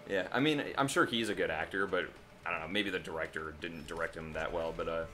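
A man's voice: deep voice, fast, sharp tone. A young man co-hosting a let's-play, rambling casually and laughing often, with game music behind him. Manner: rambling, laughs often, breaks into goofy voices. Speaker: gaming channel co-host.

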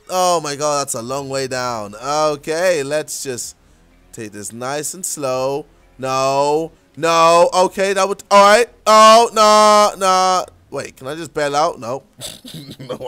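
A young man commenting on his own gameplay, muttering to himself and then bursting into excited shouts. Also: on the high side, smooth. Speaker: gaming YouTuber. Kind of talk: let's-play commentary.

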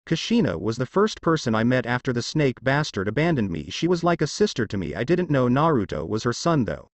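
A man voicing a sadistic, cheery female ninja with brisk, wry speech. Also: mid-range voice, sing-song, no room sound.

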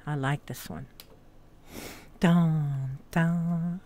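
A woman streamer in a VR headset chats with her viewers at an unhurried, drawn-out pace. She mutters and swears to herself while sorting out her setup, then brightens up to greet her chat. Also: sits low, steady tone. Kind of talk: casual live-stream chat.

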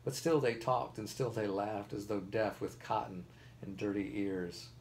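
Low-voiced man reading a novel. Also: fairly even intonation, unhurried, slight background noise, poor audio. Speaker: reader.

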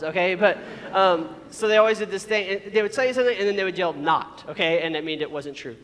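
Brief: male pastor with a high voice, preaching casually and playfully in a church hall with long reverb. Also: fast, few pauses, a bit bright. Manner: casual, joking preaching with asides. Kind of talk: sermon.

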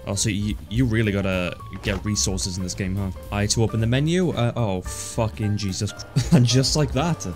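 A man casually commentating his own gameplay, joking around and swearing often in excited reactions. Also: on the low side, moderate pace, faint music behind. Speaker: gaming YouTuber. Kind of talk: casual let's play commentary.

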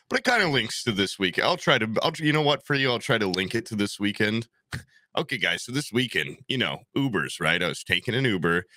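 A man's voice: on the low side, bright, forceful tone, no room sound. A young man co-hosting a comedy podcast, telling a crude, rambling story in casual chat. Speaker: podcast co-host.

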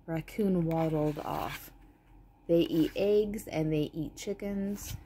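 A woman reading a children's storybook aloud, stopping for gentle, explanatory asides. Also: low voice, slow pace, slight background noise. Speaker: storybook reader.

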